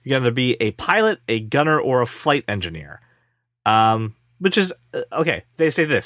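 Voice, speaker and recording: A man's voice: mid-range voice, sing-song, moderate pace, fairly bright tone, no echo, clean studio sound. A man co-hosting a casual tech podcast, joking and playing mock-offended while he runs through news. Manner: playful, mock-offended banter. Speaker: podcast co-host.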